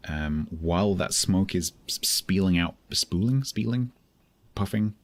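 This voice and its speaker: A man with a deep voice and lively intonation coaches a newer player on a casual game stream, explaining things step by step at a measured pace. He's patient, though he restarts and searches for words in this casual gaming chat.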